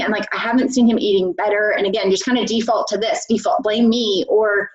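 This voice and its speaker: A woman's voice: mid-range voice, fairly even intonation, fairly quick. A woman dietitian coaching parents on a live call, chatty, with many "like"s and restarts. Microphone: video call. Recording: roomy, muffled call audio.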